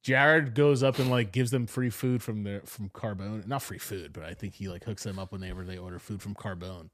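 A man's voice: lowish voice, steady tone, fairly quick, a bit bright, no echo. Rambling man co-hosting a podcast. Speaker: podcast co-host. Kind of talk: casual chat.

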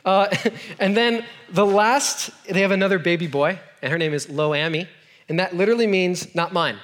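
A man's voice: high-pitched, normal speed, a bit bright. A man, a youth pastor, giving a sermon in a conversational, storytelling way, with jokey asides and questions to his audience. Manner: joking asides and self-deprecating humor.

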